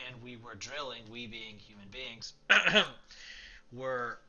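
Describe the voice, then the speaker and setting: A man's voice: medium pitch, lively intonation, slow, lo-fi sound, a crowd in the background. Rambling young male gameplay commentator. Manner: rambling, chatty, many fillers. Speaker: let's play host.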